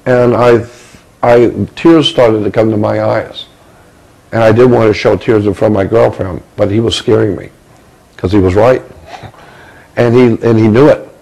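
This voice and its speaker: A man telling a story about his own past, halting and repeating words as he searches for them. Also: medium pitch, a little mellow, low-quality recording. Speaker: speaker recounting a personal experience.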